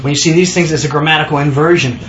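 A man leading a Bible study, excitable and emphatic, prompting his listeners to answer and repeat after him. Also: fairly high pitch, rapid-fire, roomy sound, muffled recording, a little hiss or hum. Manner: excitable, emphatic, calls for responses.

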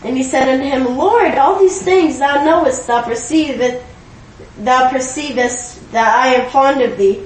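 A woman giving a measured, formal scripture reading, heard from a distance. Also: sits high, slight background noise. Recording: distant voice in an echoey room.

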